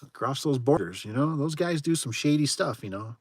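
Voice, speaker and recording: A man's voice: mid-range voice, lively intonation, fairly quick, a little mellow, slightly rough, dry recording. A man who runs a garage door repair business, chatting casually with viewers on a livestream, laughing often and tossing in frequent exclamations.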